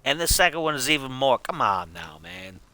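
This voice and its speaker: A man's voice: mid-range voice, sing-song, normal speed, pushed and bright, dry recording. A man streaming a game, chatting casually in a goofy, rambling way and chuckling at his own jokes. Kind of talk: casual live gameplay chat.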